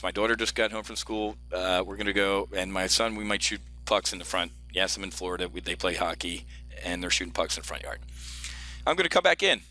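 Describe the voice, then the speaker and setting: A man's voice: fairly low pitch, pushed and bright. A middle-aged man coaching options trading from home, talking through a screen-share lesson in a brash, joking way and calling his viewers "folks". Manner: brash, jokey, talks straight to viewers as folks. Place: home office.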